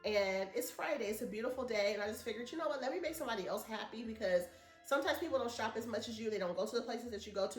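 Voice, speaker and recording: A woman's voice: mid-range voice, reverberant. A woman vlogger, chatting casually and telling a rambling story to her viewers. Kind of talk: casual chat to camera.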